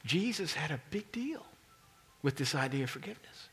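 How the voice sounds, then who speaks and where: A male pastor delivers a sermon in an animated, storytelling style, his voice swooping widely and often falling to a hushed whisper. His pitch sits somewhat high for a man. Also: moderate pace, soft background music. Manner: dramatic storyteller, drops to whispers.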